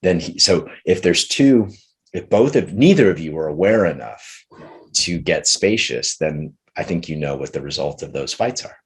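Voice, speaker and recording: A man leading a group session on relationships, talking earnestly and slowly, often restarting his sentences. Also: a bass voice, expressive, breathy edge. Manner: earnest, slow and searching, many restarts. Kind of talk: coaching talk with a participant.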